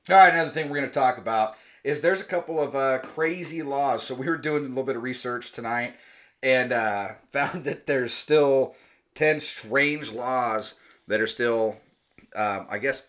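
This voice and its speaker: A man with a bright, forward voice in the middle of the pitch range, hosting a casual podcast. He talks in a relaxed, joking way and stumbles through plenty of ums and uhs. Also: normal speed. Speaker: podcast host. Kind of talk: casual chat.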